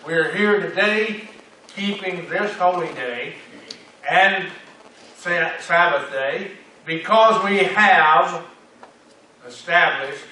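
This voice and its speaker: A man preaches a sermon at a slow, measured pace, stressing key words and sometimes repeating himself. His voice is bright and slightly high. It sounds far from the mic, in a strongly echoing church hall. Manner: slow, deliberate delivery with emphatic rises and repeated words. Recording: echoey hall, speaker far from mic, faint hiss.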